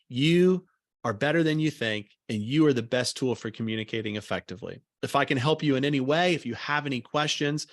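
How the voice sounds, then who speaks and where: A man teaching a recorded communication lesson as a coach, speaking in an encouraging way with deliberate pauses. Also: mid-range voice, fairly bright tone, no echo, clean studio sound.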